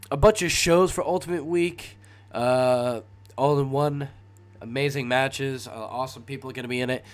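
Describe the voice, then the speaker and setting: A young man hosts a relaxed solo podcast in a stuffy, congested voice left over from a cold. His pitch sits at an ordinary middle level. He rambles along, stopping often to hesitate and restart his sentences. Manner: rambling, hesitant, many filler sounds and restarts. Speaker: podcast host. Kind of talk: casual solo podcast chat.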